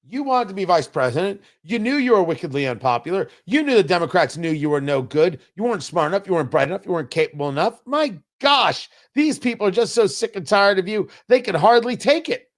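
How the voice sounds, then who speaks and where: A man's voice: sits high, very animated, fast talker, few pauses. A middle-aged man hosting a political commentary livestream, firing off sarcastic, heated rhetorical questions. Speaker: talk show host.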